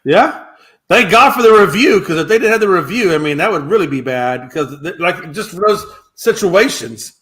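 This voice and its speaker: Rambling, opinionated male sports co-host with a high, bright voice. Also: expressive, normal speed. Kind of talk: casual sports talk.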